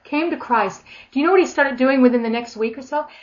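Animated woman preaching, dull lo-fi sound. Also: high voice, a little fast. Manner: animated, acts out quoted voices with big swings in loudness. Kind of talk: informal sermon. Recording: dull lo-fi recording.

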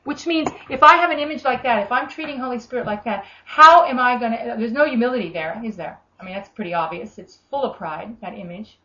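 A woman with an Australian accent preaching a sermon, telling stories in a chatty, animated way. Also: a little high, a little fast, hardly any pauses. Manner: conversational, animated storytelling with acted quotes. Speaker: minister. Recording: echoey room, dull lo-fi sound.

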